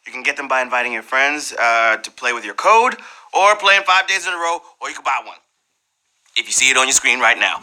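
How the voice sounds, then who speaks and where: A man hosting a live trivia game show in a playful, slangy, animated way, teasing the players. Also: fairly high pitch, low-quality recording.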